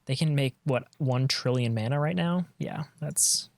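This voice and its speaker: A man's voice: medium pitch, measured pace, gravelly, dry recording. Man thinking aloud over a card game. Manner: thinking aloud, trailing off and restarting. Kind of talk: casual gameplay commentary.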